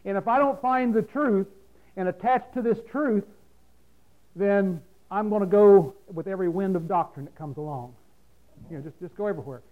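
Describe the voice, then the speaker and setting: A man's voice: high-pitched, a little fast. A preacher giving a folksy, conversational sermon, often asking his listeners "See?". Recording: dull lo-fi sound.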